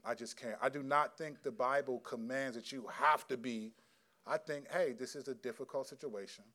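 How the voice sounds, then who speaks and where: A man's voice: medium pitch, steady tone, moderate pace, sharp tone. Middle-aged pastor guy preaching, earnest and chatty, plain middle voice. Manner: earnest, conversational, acts out quotes. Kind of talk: sermon with audience Q&A.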